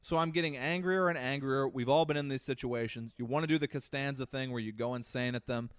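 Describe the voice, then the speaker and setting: Animated male podcast storyteller, dry sound. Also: mid-range voice, quick pace, clean tone, dry recording. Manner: animated storyteller, swings loud and soft. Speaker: podcast co-host. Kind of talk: casual chat, comic storytelling.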